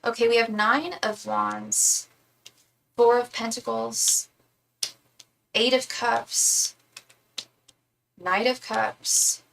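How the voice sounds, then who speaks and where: A young woman talks through a live tarot reading in a loose, rambling, chatty way. Her voice is bright with some gravelly fry. She sits a little back from the mic, with faint noise in the room. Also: little pitch movement, very slow, long pauses, distant mic, poor audio. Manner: chatty, rambling, repeats invocations in a low murmur. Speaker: tarot reader. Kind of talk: live-stream tarot reading, casual chat.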